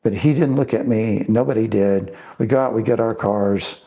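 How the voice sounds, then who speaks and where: An older man with a low, mellow voice recounts stories in a sit-down interview. He is lively and animated, leans into his stories, and drops into the voices of the people he quotes. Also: moderate pace. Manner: animated anecdotal storytelling, acts out quoted voices. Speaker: screenwriter and director guest. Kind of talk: storytelling interview.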